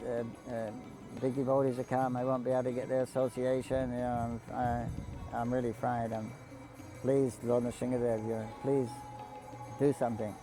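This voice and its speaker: A man casually telling devotional stories to a group, halting often with restarts, coughs and throat clearing. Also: mid-range voice, little pitch movement, over music, low-quality recording. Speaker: storyteller speaking to pilgrims.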